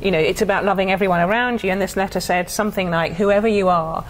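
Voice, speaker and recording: Quick-talking woman interviewer. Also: medium pitch, fairly even intonation, a little hiss or hum, rough recording. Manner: quick, affirming, laughs along. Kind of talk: casual chat.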